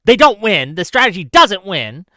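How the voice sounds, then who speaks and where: Sarcastic streamer with a lively, bright voice. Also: male voice, high-pitched, normal speed, dry recording. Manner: sarcastic, exasperated. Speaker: streamer host. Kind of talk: livestream commentary reading chat.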